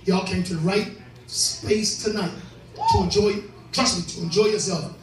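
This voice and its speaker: Steady in tone and normal in speed, this man's high-pitched voice carries his brash, profane crowd work as the comedian hosting a club show. He laughs a lot and seems slightly drunk, with echo, distant miking, and audience noise around him.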